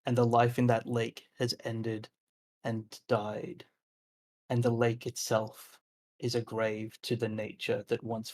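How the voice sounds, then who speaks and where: A man's voice: medium pitch, darkish tone. A man running a tabletop role-playing game, narrating the scene in a descriptive way, with frequent "uh" and "like" fillers. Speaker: game master.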